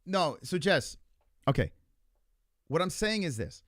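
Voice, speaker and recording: A livestream host chats casually and argumentatively, his fairly bright voice swinging widely up and down in pitch while keeping a measured pace. Very animated, he rambles, swears freely and leans on filler words. The recording is dry and close, with no room sound.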